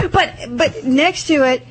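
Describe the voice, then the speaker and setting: A woman co-hosting a radio show, chatting in a lively, giggly way. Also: high-pitched. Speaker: radio co-host. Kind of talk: casual studio banter.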